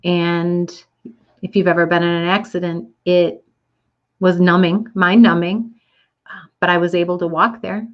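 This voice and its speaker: A woman speaking earnestly and from the heart about a personal experience, a little teary-eyed, with the odd restart and soft laugh. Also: on the low side, little pitch movement, unhurried, pauses often, muffled recording. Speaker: motivational speaker. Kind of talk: personal reflective monologue.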